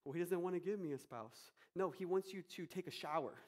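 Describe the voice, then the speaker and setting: A man's voice: high-pitched, a little fast, a little mellow. A male pastor preaching a sermon with energy, acting out quotes and prayers.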